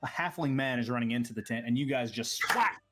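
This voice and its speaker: A man's voice: mid-range voice, a little fast, fairly bright tone, soft background music. A man narrating a tabletop game as game master, rambling and hesitant, with many fillers.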